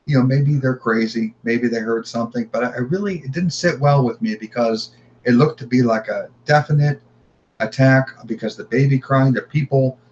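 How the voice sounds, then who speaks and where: A man's voice: medium pitch, moderate pace, a little mellow, lo-fi sound, slight background noise. A man, a podcast guest, earnestly telling a personal story in conversation and often repeating his words as he goes.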